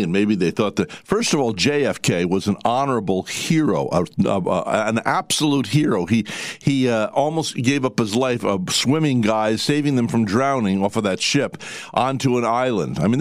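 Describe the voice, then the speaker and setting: A man's voice: mid-range voice, expressive, moderate pace, dry recording. Older man, radio talk host, folksy and rambling, dry close studio sound. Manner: chatty, folksy, rambling with laughs. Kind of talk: casual radio interview chat.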